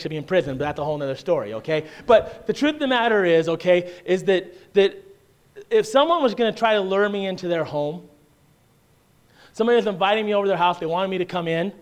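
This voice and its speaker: A man preaching a sermon in a conversational way, often asking his listeners "right?" and "okay?" and repeating words for emphasis. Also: high-pitched. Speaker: pastor.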